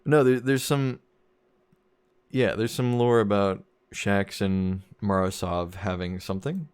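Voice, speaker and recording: A man's voice: on the low side, slow pace, clean tone. A young man streaming a game, chatting casually and rambling, often chuckling at his own jokes. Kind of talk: casual gameplay commentary.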